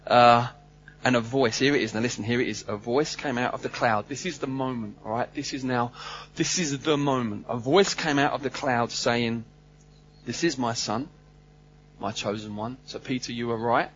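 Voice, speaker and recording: A man preaching a sermon, animated and humorous, swinging between loud bursts and hushed asides. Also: medium pitch, normal speed, muffled recording, a little hiss or hum.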